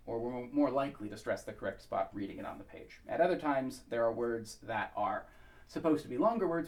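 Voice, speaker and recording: An American man giving a relaxed spoken pronunciation tutorial. He talks thoughtfully, with many pauses and fillers, and now and then sings short syllables to demonstrate. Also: mid-range voice, far from the mic. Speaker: pronunciation instructor.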